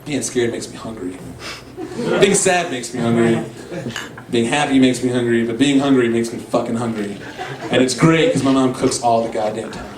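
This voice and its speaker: A stand-up comedian from Louisiana, telling crude, animated stories on a bar stage before a live audience. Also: male voice, medium pitch, normal speed, a crowd in the background. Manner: animated, crude, filler-heavy delivery. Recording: echoey room, far mic, audience.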